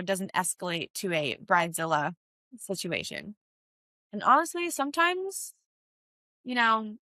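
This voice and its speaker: Bright chatty woman podcast host. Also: medium pitch, no room sound. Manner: chatty, many fillers like "um" and "like". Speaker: podcast host, wedding planner. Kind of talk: casual podcast chat.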